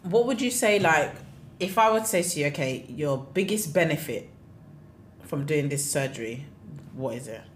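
A woman's voice: sits low, animated, moderate pace, slight background noise. A woman co-hosting a podcast, asking questions and bantering in a teasing, slangy way. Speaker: podcast co-host. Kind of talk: casual podcast chat.

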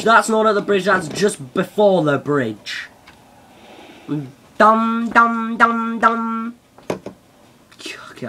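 A young man giving excitable let's-play commentary, yelping and shouting at the game as he plays. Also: high-pitched. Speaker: gaming channel host.

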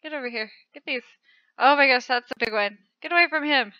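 A woman hosting a channel, giving excited commentary as she plays a game, gushing and squealing at close calls. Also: high-pitched, brisk, smooth, no echo, highs cut off. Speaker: channel host.

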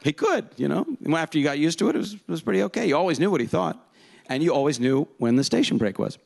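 A man's voice: a little high, vocal fry, a little mellow. A man, a voice impressionist, giving a rambling, self-deprecating conference talk on stage before a live audience. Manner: rambling, self-deprecating, slips in quick voice demos.

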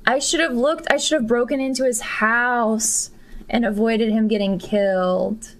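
A woman's voice: fairly high pitch, steady tone, measured pace. A young woman giving casual, giggly gameplay commentary full of crude jokes. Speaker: game streamer.

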